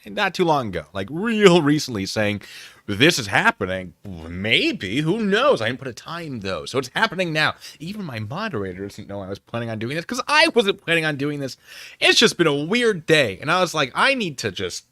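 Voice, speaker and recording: Rambling, animated man streamer. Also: a little high, no echo, clean studio sound. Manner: rambling, self-deprecating, fast-talking. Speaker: streamer host. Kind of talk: casual live-stream chat. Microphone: desk microphone.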